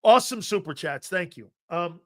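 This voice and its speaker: A man's voice: sits high, expressive, normal speed. A man hosting a live sports talk show, arguing his opinions emphatically and repeating himself as he builds a point.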